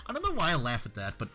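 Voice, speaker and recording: A man doing gameplay commentary for his let's play videos, with jokey asides and loud exclamations. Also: a little high.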